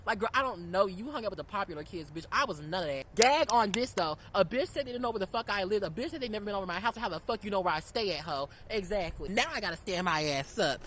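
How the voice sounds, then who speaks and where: A young man telling a storytime about a fight in a profane, sassy, animated rant. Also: high voice, a little hiss or hum, poor audio. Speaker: storytime vlogger.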